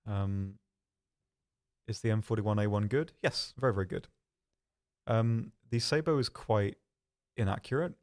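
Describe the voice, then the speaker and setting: A young man hosting a live stream, answering chat questions in a calm, soft-spoken, dry and self-deprecating way. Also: fairly low pitch, a little slow.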